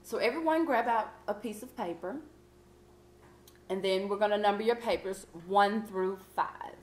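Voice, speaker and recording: A woman teacher leading a vocabulary lesson, patient and encouraging, reading clues out slowly. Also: mid-range voice, reverberant. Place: classroom.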